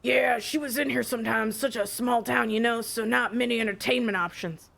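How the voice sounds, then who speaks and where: An actor voicing a friendly, joke-cracking male pub keeper in a game, with a gravelly voice. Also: medium pitch, fairly even intonation, fairly quick, fairly bright tone. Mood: jovial. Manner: jovial, cracking jokes. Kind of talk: game voice acting.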